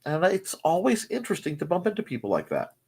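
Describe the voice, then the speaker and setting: A man's voice: high voice, huge pitch swings, quick pace, vocal fry, a little mellow, breathy edge. A man hosting a casual live morning stream, rambling through chat greetings with jokey, self-deprecating asides. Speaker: host of a live morning show.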